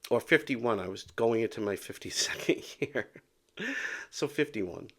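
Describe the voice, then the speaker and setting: A man's voice: mid-range voice, lively intonation, a little slow, a bit bright. A man in his fifties talking casually to camera about his life, rambling and repeating words, sometimes dropping to a whisper. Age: 50s. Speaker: vlogger with Meniere's disease.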